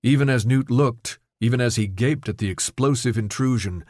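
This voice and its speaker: A male audiobook narrator reads in a steady, measured way at a middle pitch. The voice is recorded close and dry, with no room sound around it. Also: dry recording. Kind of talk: scripted narration.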